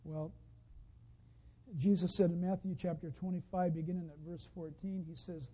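A man preaching a sermon, telling a story as he goes, dropping from hushed to loud excited outbursts. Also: high voice, normal speed, a little hiss or hum, rough recording. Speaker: pastor.

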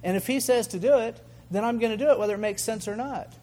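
An older pastor preaches a storytelling sermon in a high voice, speaking fast. He keeps it conversational and animated, acting out the voices of people in his stories and chuckling.

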